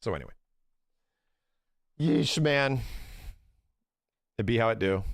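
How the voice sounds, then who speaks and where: A man's voice: medium pitch, takes it slowly, vocal fry, no room sound. A man in his thirties streaming, talking casually and ranting with lots of swearing into a close mic. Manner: animated, profane ranting. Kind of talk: casual livestream commentary.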